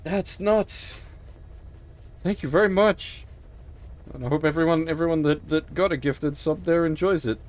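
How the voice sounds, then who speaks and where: A man's voice: on the high side, normal speed. A man streaming a video game, talking casually in a rambling, emphatic way, swearing often and sounding emotionally choked up. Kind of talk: casual livestream commentary.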